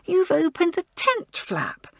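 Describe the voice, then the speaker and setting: A woman narrator voicing a spoiled, petulant schoolgirl who whines and complains in loud whispers. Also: very animated, measured pace, creaky, no echo, studio quality, heavily acted. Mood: accusing. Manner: whiny, squeaky, loud whispering.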